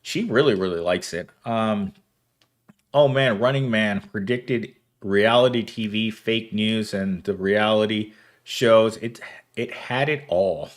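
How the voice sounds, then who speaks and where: A man's voice: lowish voice, slow pace. A man, hosting a casual livestream, reading viewer comments aloud and rambling with frequent laughter. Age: 30s. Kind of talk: casual chat.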